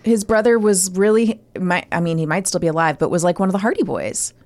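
A woman's voice: on the low side, brisk, darkish tone. A woman co-hosting a podcast, chatting playfully and explaining her points. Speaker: podcast co-host. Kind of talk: casual chat.

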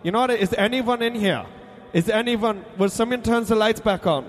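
A man, a comedy guest, rambling in a halting improvised bit full of "like"s. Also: sits high, big-room sound, soft background music.

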